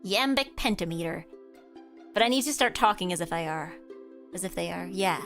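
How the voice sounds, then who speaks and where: A woman's voice: on the low side, moderate pace, gravelly, a bit bright. A woman streamer chatting playfully and self-mockingly while playing a video game. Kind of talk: let's-play commentary. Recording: faint game music behind.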